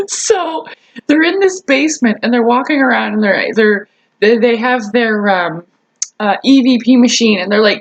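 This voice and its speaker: Chatty woman vlogger, slightly high voice. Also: lively intonation, takes it slowly. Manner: chatty, laughs often, many restarts. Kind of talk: casual storytelling to camera.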